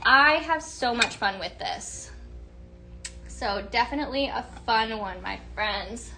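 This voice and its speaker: A woman hosting a live shopping stream, gushing in an upbeat sales pitch to viewers she calls her friends. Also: lively intonation, slow, pushed and bright, soft background music.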